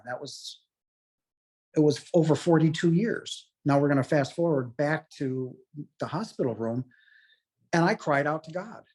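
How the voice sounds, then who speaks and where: A man's voice: on the high side, darkish tone. Earnest man in his late forties. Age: late 40s. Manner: earnest, heartfelt and emotional. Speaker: guest telling his near-death experience. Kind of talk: personal storytelling.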